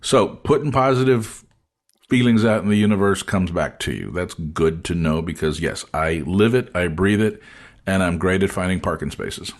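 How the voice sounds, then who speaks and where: A man hosting a casual chat, telling an animated story and acting out the voices of the people in it. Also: low-pitched, normal speed. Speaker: host.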